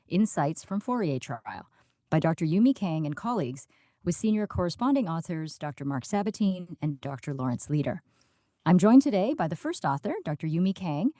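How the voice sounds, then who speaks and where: A woman co-hosting a medical podcast, playful and quick to laugh as she chats with her co-host. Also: lowish voice, dark tone, no echo. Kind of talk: scripted podcast intro and banter.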